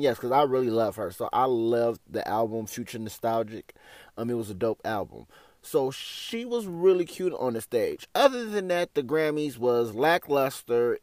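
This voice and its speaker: A man, hosting a casual opinion show, sassy and animated, often calling listeners "honey". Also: medium pitch, dry recording, studio quality. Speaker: podcast host.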